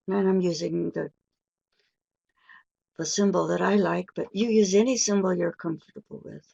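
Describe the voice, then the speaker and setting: An older woman teaching pronunciation in a webinar lecture, speaking deliberately and stretching key words for emphasis. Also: fairly low pitch, creaky, mellow, husky. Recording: dull lo-fi webinar audio.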